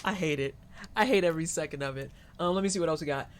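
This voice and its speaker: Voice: mid-range voice, fast, a little hiss or hum. A streamer joking and swearing through commentary while playing a horror game. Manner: joking, profane, animated. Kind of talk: live gameplay commentary.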